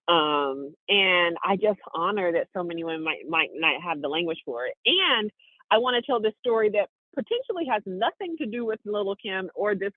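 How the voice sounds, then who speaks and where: A woman from Seattle co-hosting a podcast, telling stories in an animated way and laughing often. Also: fairly low pitch, no room sound. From Seattle, USA. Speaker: podcast co-host. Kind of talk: casual chat. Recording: dry, tinny phone-like line.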